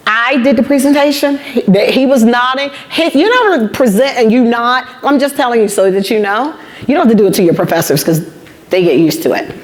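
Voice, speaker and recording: A woman's voice: fairly high pitch, brisk. A woman in her fifties giving a motivational talk to students, telling stories with emphatic repetition and acting out the dialogue. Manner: animated storyteller, acts out quoted dialogue. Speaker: guest speaker.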